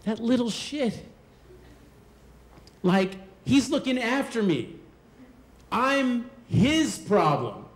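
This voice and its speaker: High-voiced man telling a stage story. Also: extremely slow, pauses often. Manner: animated, acts out quoted voices. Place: live storytelling show venue. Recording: roomy hall sound.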